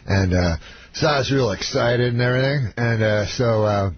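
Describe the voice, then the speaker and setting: A man, a comedian guest on a radio show, telling long rambling anecdotes in a deadpan way. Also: mid-range voice, normal speed. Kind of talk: radio talk-show storytelling. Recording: dull lo-fi radio broadcast with faint hiss.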